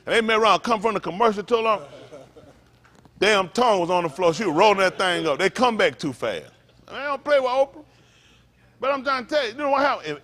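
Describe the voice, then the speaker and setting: With a high, fairly bright voice, a male pastor delivers a fiery street-talk sermon. He challenges his congregation with profane, blunt rhetorical questions and breaks things up with jokes.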